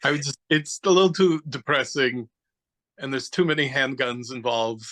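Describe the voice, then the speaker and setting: A man from New Jersey hosting a casual podcast chat, animated and joking, laughing often. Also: mid-range voice, moderate pace. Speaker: podcast host. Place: podcast studio.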